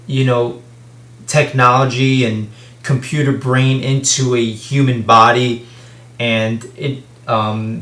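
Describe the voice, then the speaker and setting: A man talks through a movie review in a loose, casual way. He rambles, leans on "you know" and "um", and swears freely. His medium-pitched voice sounds roomy and echoey. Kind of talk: casual spoken film review. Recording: echoey room.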